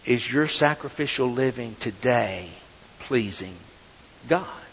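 A man preaching a sermon as pastor, swinging between loud bursts and hushed asides. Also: medium pitch, lively intonation, slow, slight background noise. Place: church sanctuary. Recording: dull, reverberant sanctuary audio.

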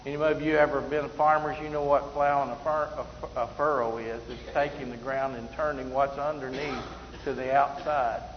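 A man's voice: mid-range voice, flat delivery, normal speed, slight background noise. A man preaching a sermon, telling folksy stories and laughing at himself. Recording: roomy hall, slightly dull sound.

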